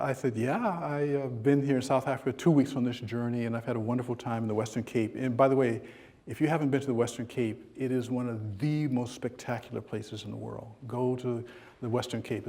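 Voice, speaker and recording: A man at a lecture room podium, delivering a keynote with humor. He slips into a storyteller's voice with lifted pitch to act out dialogue. His relaxed, self-mocking delivery is dotted with fillers. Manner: animated, acts out dialogue in a story with rising pitch. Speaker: keynote speaker.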